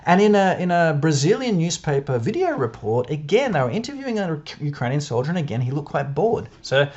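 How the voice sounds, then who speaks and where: Australian man, casual video commentary, animated delivery, muffled lo-fi sound. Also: fairly high pitch, fairly quick. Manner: chatty and self-doubting, laughs often. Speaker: video creator analysing newspapers. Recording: dull lo-fi sound.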